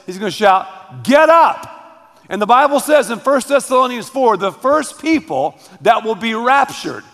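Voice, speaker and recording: Male preacher, high voice, dramatic emphatic sermon, echoing church hall. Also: a bit bright. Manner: emphatic and dramatic, calls on the audience to repeat. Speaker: pastor. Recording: long hall reverb.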